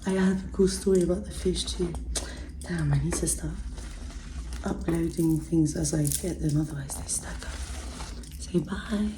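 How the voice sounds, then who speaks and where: A young woman in a whispered role-play as a chatty, easily distracted hairstylist, drifting between soft talk and whispers. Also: sits low, fairly even intonation, moderate pace. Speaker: ASMR creator playing a hairstylist. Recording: noticeable background noise.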